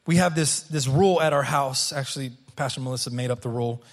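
A man's voice: medium pitch, fast. A man in his thirties, a pastor preaching a sermon in an earnest way, often repeating words as he restarts a phrase. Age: 30s.

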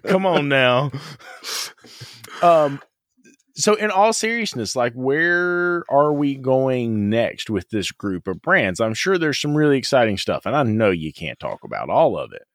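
A man with a Southern US accent co-hosting a podcast, teasing his co-host in a playful, animated way. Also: medium pitch, unhurried, no room sound. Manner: teasing, animated, says "listen" often. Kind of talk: casual joking chat.

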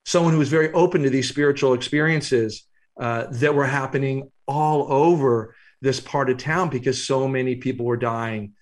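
A man, an author guest, telling a reflective story in an interview, unhurried and halting with fillers. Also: mid-range voice, steady tone.

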